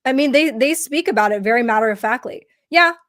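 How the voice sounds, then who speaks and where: Woman co-host, raised voice, animated storyteller, chatty and halting. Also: on the high side. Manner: animated storyteller with many fillers and restarts. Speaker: podcast co-host. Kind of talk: casual conversational storytelling.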